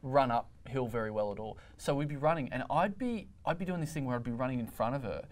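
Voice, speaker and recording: A man, a comedian on a panel, telling an animated story in casual chat and acting out the quotes himself. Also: mid-range voice, fast talker.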